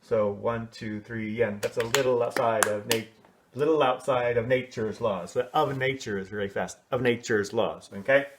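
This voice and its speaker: A man teaching a children's choir, explaining solos in a relaxed, chatty way and singing short snippets to show how they go. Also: mid-range voice, normal speed, few pauses, a little hiss or hum. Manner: casual, explanatory, sings short snatches to demonstrate. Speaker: music teacher. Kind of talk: coaching a kids' choir on song solos.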